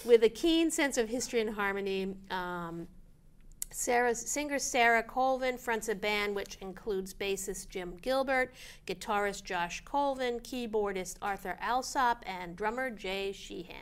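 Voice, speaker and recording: A woman co-hosting a local events show, reading listings in a brisk, chatty way with friendly asides. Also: mid-range voice, smooth. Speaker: chamber of commerce co-host reading event listings. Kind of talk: casual local events chat.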